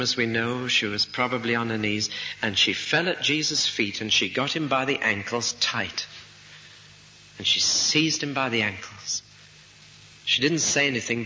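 A man's voice: mid-range voice, pushed and bright. A man preaching an expository sermon, thoughtful and given to rhetorical questions. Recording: dull lo-fi recording with faint hiss.

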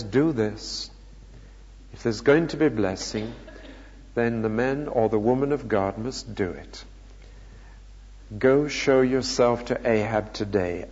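Male preacher, measured Bible teaching; dull recording with long hall reverb. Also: mid-range voice, a little mellow, slightly rough. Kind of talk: sermon.

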